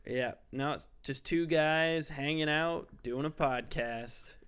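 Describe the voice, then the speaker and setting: A man's voice: fairly high pitch, slow, fairly bright tone, smooth. A young man hosting a casual podcast about games, joking and self-deprecating as he rambles through the intro. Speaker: podcast host. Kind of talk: casual chat.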